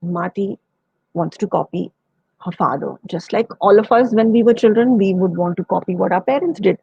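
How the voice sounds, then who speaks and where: A woman telling a children's story, retelling it gently in her own words. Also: medium pitch, normal speed, gravelly, husky, no echo, lo-fi sound. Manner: gentle, retelling with quoted voices. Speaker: storyteller guest.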